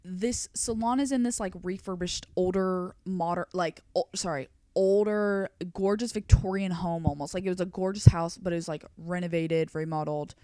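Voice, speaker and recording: A woman's voice: on the low side, moderate pace, hardly any pauses, mellow, no echo. A young woman vlogger telling a story in an emotional, chatty way, saying "like" constantly. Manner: chatty and emotional, heavy use of "like". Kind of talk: storytime vlog.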